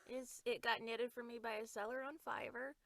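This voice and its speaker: A woman voice actor in a casual podcast chat, talking fast and laughing often as she acts out quotes. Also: fairly high pitch, fairly even intonation, fairly bright tone, dry recording. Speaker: voice actor guest.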